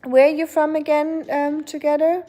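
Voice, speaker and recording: A woman with a German accent chats casually with her stream viewers, rambling on with plenty of fillers. Her voice sits a little high but sounds soft and mellow. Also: level tone, moderate pace. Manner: chatty and rambling, with lots of fillers. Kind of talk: casual chat with viewers while gaming.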